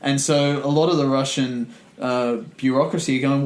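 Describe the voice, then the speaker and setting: A man's voice: mid-range voice, steady tone, moderate pace, darkish tone, reverberant, low-quality recording. A man co-hosting a history podcast, explaining events in casual chat. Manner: explanatory, with fillers and restarts. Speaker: podcast co-host.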